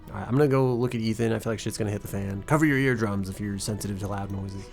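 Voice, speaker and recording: A man's voice: fairly low pitch, racing, vocal fry, hardly any pauses. A young man streaming a game, giving casual, profane, rambling and joking commentary. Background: faint background music.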